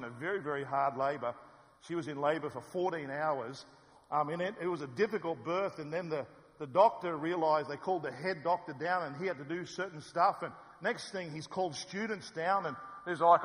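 An older man telling a personal story to an audience, lively and self-mocking, acting out what he said back then. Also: sits high. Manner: lively, self-mocking, acts out his own past lines. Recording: reverberant hall.

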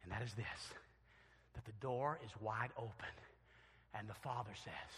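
A male pastor preaching a sermon and altar call in a church, swinging from loud acted quotes to quiet earnest appeals. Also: mid-range voice, fairly quick, breathy edge. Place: church sanctuary. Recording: long church hall reverb.

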